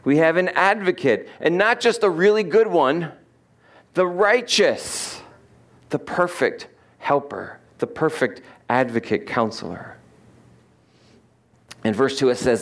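A man's voice: on the high side, sing-song, slow, long pauses. A man preaching a conversational sermon, joking with the congregation and explaining words with frequent fillers. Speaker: pastor.

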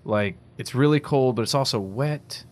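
A man from Louisiana who serves as a deacon, joking in a relaxed chat and often pausing with "um". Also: mid-range voice. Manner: friendly, joking, with frequent "um". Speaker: deacon, guest co-host. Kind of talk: casual chat.

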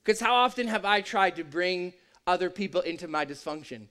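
A man's voice: sits high, brisk, a bit bright. A man preaching a sermon in a conversational, joking and emphatic way. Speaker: pastor.

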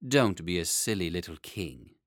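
A man's voice: low voice, very animated, moderate pace, dry recording, studio quality, pitched below the performer's own voice. A man voicing a stern, disapproving chancellor in a storybook. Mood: grave. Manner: grave, disapproving. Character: stern, agitated older male chancellor.

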